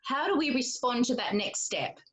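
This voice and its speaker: A woman's voice: fairly high pitch, lively intonation, moderate pace, a bit bright, rough recording. A woman from Western Australia asking a question on a webinar, speaking hesitantly with frequent fillers. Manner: hesitant, lots of ums and uhs.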